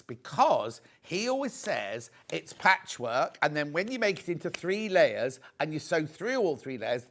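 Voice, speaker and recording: Excitable high-voiced British man selling. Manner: excitable, chatty, repeats prices, asides to studio crew. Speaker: TV shopping presenter. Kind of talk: live shopping channel sales pitch. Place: TV studio.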